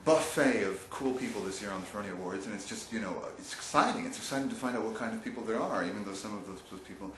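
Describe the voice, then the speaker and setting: A man's voice: lowish voice, quick pace, few pauses, fairly bright tone, reverberant, slight background noise, poor audio. A man co-hosting a jokey mock-broadcast preview, slipping into self-pitying, whiny asides. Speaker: co-host of a video preview.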